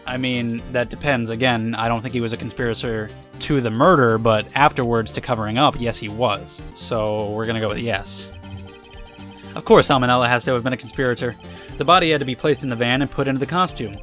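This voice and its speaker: A young man giving casual, excitable commentary while playing a game, swearing often. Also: medium pitch, brisk, soft background music. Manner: excitable, swears a lot, angry outbursts. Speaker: let's play gamer.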